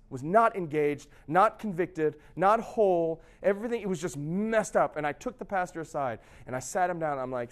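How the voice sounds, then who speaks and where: A man's voice: a little high, animated, moderate pace, hardly any pauses. A middle-aged pastor giving a sermon in a conversational way, often asking his listeners questions. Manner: conversational, asks the audience questions.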